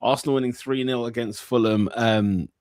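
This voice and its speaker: A man, co-hosting a casual football podcast with animated slang banter. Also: mid-range voice, moderate pace. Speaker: podcast co-host.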